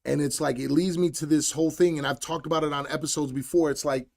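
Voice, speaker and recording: A man hosting a solo podcast, telling a coaching story in a blunt, animated, slangy way. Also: on the high side, fast talker, creaky. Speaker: podcast host and fight coach.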